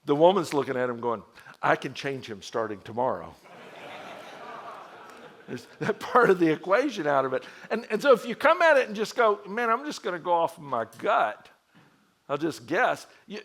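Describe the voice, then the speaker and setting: A middle-aged man gives a sermon to a men's group in a relaxed, conversational way. His voice sits a little high for a man, and he keeps it animated, acting out the people in his stories with big swings in pitch and loudness. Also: moderate pace. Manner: conversational storytelling with acted quotes. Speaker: pastor.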